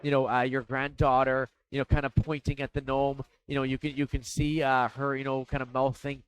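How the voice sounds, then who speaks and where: A man narrating as dungeon master, talking in a halting way with many fillers and restarts. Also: mid-range voice, little pitch movement, a little hiss or hum, rough recording. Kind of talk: narrating a tabletop game.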